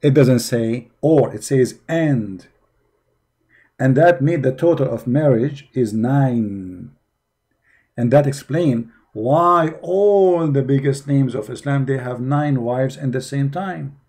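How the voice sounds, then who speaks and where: Mocking man with a dark voice. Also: mid-range voice, takes it slowly. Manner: mocking, emphatic, repeats rhetorical questions. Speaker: religion critic presenting. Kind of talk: commentary on articles.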